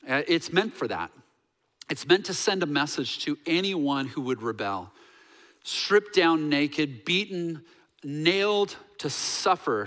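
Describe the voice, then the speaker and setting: A man's voice: mid-range voice, a bit bright. Earnest male pastor in a reverberant hall. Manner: earnest preaching with hesitant fillers and repeated words. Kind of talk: sermon. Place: church sanctuary.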